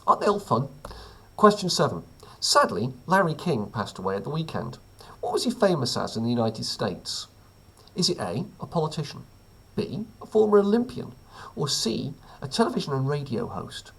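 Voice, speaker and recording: A male teacher reads out a current-events quiz from home, tossing in wry, offhand jokes. His voice is slightly husky and swings up and down a lot as he talks. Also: medium pitch, sing-song, normal speed, a bit bright. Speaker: teacher running a weekly quiz. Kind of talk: casual quiz reading with asides.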